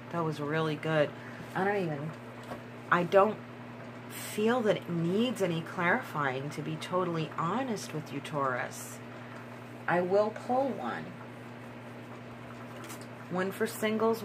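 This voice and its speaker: A woman reads tarot cards to the camera at an unhurried pace, her voice sitting a little low. She muses, trails off and repeats herself, then breaks into excited bursts. A faint hiss sits under the recording. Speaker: tarot reader. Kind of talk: tarot reading monologue.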